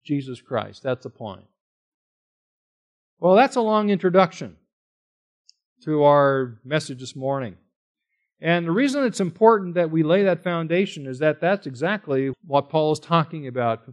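Male pastor, slightly higher voice, verse-by-verse sermon, rhetorical questions. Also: expressive, normal speed, pauses often. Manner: expository preaching, asks questions then answers them.

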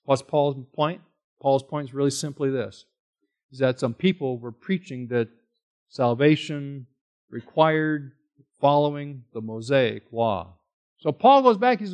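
A pastor with a fairly high, animated voice preaches a sermon at a measured pace, reading scripture aloud and working through it verse by verse. He poses questions and then answers them himself.

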